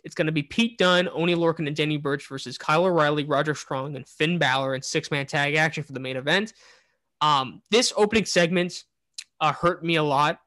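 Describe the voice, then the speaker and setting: A man's voice: on the high side, brisk, bright, forceful tone, dry recording. A man co-hosting a casual wrestling podcast, recapping the show in a rambling way with many fillers and restarts. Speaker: podcast co-host.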